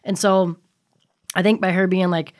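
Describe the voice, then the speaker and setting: A middle-aged woman in casual chat, telling a story in a lively, swearing way and acting out what people said. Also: lowish voice, moderate pace. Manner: profane, animated storytelling with acted-out quotes.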